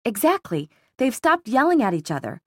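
A bold teenage girl, voiced by a woman reading aloud, pitched higher than the narration and sounding keen and daring. The reading is close-miked and dry, like a storybook audiobook. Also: sing-song, moderate pace, darkish tone, dry recording. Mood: eager.

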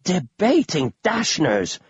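Eccentric elderly lord, man acting him, high-pitched, loud, theatrical, dull dry recording. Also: huge pitch swings, measured pace, slightly rough, no echo, full character voice. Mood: excited. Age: older. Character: excitable eccentric old man, dramatic lord.

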